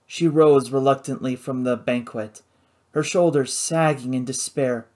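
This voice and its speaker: This is an audiobook narrator reading a novel aloud. The delivery is measured and descriptive, with plain, steady storytelling. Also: medium pitch.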